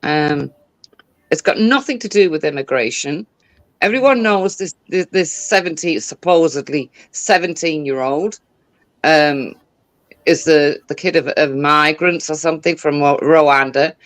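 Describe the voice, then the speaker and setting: A woman's voice: deep voice, unhurried, no echo. A woman arguing on a live podcast panel. She pushes back bluntly and sounds exasperated. Her voice is close and dry. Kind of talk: heated live podcast debate.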